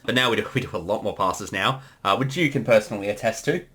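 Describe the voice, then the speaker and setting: A man's voice: on the low side, fast, pushed and bright. A man chatting casually through a creator commentary, telling anecdotes and laughing along the way.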